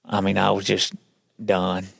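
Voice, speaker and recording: Man, very gravelly voice, podcast guest, folksy storytelling, acts out others' lines. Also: on the low side, steady tone, normal speed. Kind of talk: telling his faith story in casual chat.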